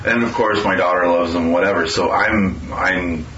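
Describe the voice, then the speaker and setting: A man's voice: deep voice, fairly even intonation, moderate pace. A man, a father, chatting casually with blunt, crude remarks, recorded with a muffled, echoey sound. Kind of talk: casual chat. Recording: roomy, muffled with faint noise.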